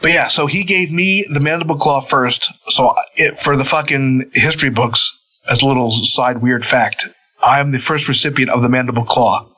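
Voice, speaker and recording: A middle-aged man, a former wrestler, telling stories on a podcast in a casual, animated way, swearing freely and laughing between lines. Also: mid-range voice, moderate pace, low-quality recording. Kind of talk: casual storytelling.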